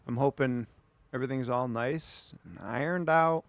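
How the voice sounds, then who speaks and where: A man's voice: medium pitch, moderate pace, gravelly, no room sound. A man streaming late at night, chatting casually and rambling back at his viewers.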